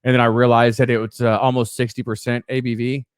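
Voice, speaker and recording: A man's voice: mid-range voice, flat delivery, fast, clean tone, dry recording, studio quality. A man, co-hosting a casual chat, joking and teasing while he plugs a giveaway. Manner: joking, teasing, laid-back. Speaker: co-host.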